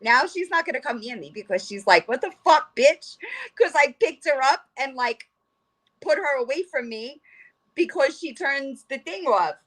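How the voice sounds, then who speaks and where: A woman's voice: sits high, animated, normal speed, a bit bright. A middle-aged woman hosting a livestream, ranting bluntly and profanely and rambling with frequent restarts. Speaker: livestream host. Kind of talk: casual livestream rant.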